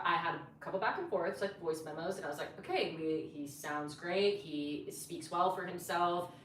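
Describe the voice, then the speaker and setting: A woman's voice: on the low side, far from the mic, a little hiss or hum. Chatty woman comedian, echoey room. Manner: chatty, animated retelling with lots of fillers. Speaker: comedian podcast host. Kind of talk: casual storytelling chat.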